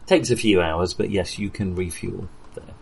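A man acting as game master, narrating a tabletop game session and chatting with his players in a lively, easy-laughing way. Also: deep voice, normal speed, vocal fry, slightly rough.

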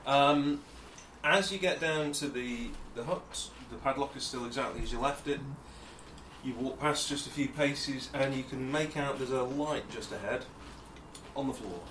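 A man's voice: medium pitch, moderate pace. A man running a tabletop game as game master, narrating with hesitant ums and an amused tone. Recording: echoey room, distant mic, noisy.

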